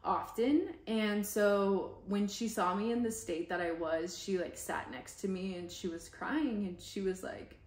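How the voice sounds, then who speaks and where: A woman's voice: medium pitch, fairly even intonation, a little slow, few pauses. A woman candidly telling a raw personal story on a podcast, talking casually and openly with lots of everyday fillers. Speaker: podcast host. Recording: echoey room.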